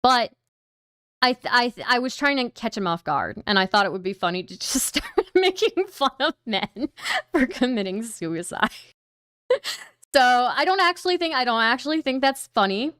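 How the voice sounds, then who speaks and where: A woman livestreamer talks loosely to her chat, rambling and swearing now and then. Her voice is smooth and clear, recorded close with no room sound. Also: a little high, very animated, moderate pace, fairly bright tone, dry recording. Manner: rambling, swears, laughs often, reads donations aloud. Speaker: streamer.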